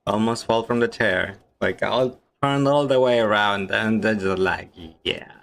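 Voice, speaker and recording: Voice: medium pitch, measured pace, vocal fry, a bit bright. A game streamer chatting casually with viewers, reading chat aloud and giggling often.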